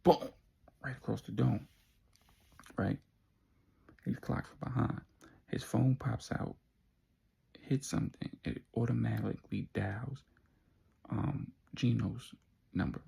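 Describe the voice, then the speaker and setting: A man tells a story in a slangy, conversational way, pausing for drama. His voice is strongly gravelly and very husky. The tone is dark and mellow. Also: mid-range voice, steady tone. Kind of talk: casual spoken storytelling.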